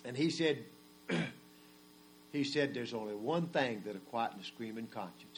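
A man, preaching a sermon and swinging from soft murmurs to loud, drawn-out cries. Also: mid-range voice, lively intonation, slight background noise. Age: 40s.

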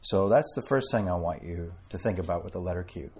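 A man's voice: low voice, fairly quick, darkish tone, slightly rough. A man preaching an informal sermon to a small group, talking conversationally, addressing listeners by name and reading scripture in old-fashioned wording.

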